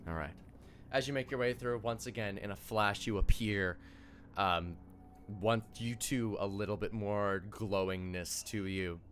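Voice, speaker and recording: Give me a young male dungeon master, bright and animated, with faint background hiss. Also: lowish voice. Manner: animated, laughing, halting with fillers. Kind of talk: narrating a tabletop game.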